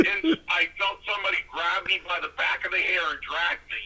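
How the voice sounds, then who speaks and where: An older man, a former pro wrestler, telling stories in a casual interview, animated and acting out the people in them. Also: high-pitched, brisk, hardly any pauses, breathy edge, poor audio. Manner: animated storyteller who acts out voices.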